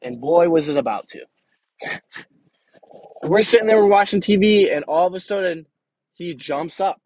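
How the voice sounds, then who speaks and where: A man's voice: high voice, lively intonation, moderate pace, a little mellow, rough recording. Profane young man telling a story. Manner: rambling, profane, laughing. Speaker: podcast host. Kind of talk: casual storytelling.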